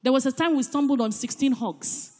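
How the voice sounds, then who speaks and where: Nigerian woman speaking at church, high voice, animated and emphatic, long hall echo. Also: fairly quick. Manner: animated, emphatic, shifts between loud and soft. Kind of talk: church talk on parenting.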